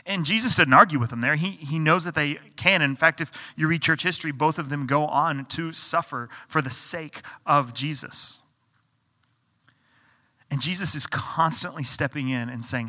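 Pastor, male, bright and slightly high voice, chatty preaching with many restarts, reverberant hall. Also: normal speed. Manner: conversational preaching with repeated restarts and acted-out quotes. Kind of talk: sermon.

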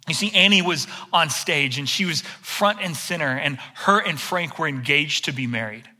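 A pastor with a very bright, tense edge to his voice tells a story on himself with plenty of humor. He is a middle-aged man, fairly high for a man, and he preaches in a lively, storytelling way. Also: moderate pace. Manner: animated storyteller, self-deprecating humor. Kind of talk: sermon with personal story.

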